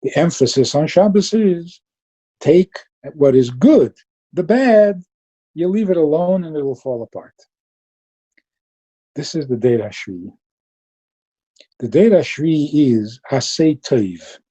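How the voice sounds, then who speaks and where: Dark, husky-voiced man giving a Chassidic talk. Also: fairly high pitch, slow pace, pauses often, lo-fi sound. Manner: lively storytelling, mixing Yiddish and Hebrew terms. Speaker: Chassidic teacher.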